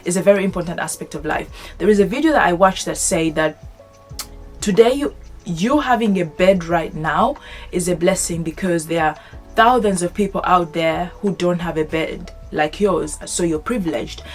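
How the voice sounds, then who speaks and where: A woman's voice: on the low side, normal speed, soft background music. A young woman vlogger summarizing a self-help book in a casual, earnest way, often repeating and rephrasing her phrases.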